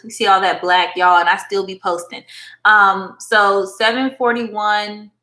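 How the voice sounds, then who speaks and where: A tarot reader and livestream host speaks in a steady, mid-range voice, a little slow and sharp in tone. Her chatty, loving reading comes through a phone in an echoey room, and she calls viewers honey and baby girl.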